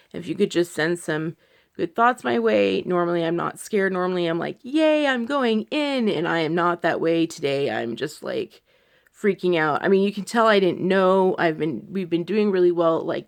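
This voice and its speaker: A woman's voice: sits low, creaky. A woman talking to her followers in a personal video diary, anxious and close to tears, rambling with many fillers. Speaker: vlogger. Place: indoors at home.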